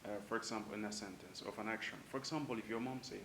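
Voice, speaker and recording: Talking fast with few pauses, a man with a low-leaning, fairly bright voice gives a relaxed English lesson in two languages. Spanish is his first language, and he says each example sentence twice. The room echoes, and there's faint noise behind him.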